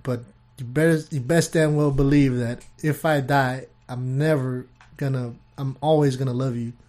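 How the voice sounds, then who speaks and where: A man's voice: mid-range voice, steady tone, moderate pace, darkish tone. A man in his thirties, co-hosting a podcast, telling family stories in a loose way with swearing. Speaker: podcast co-host. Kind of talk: casual chat.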